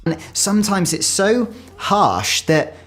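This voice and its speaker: A British man from the UK talks in a casual, self-mocking video, chatty and animated as he tells his story. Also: sits high, slow pace. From United Kingdom. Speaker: video creator. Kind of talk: casual talking-head video.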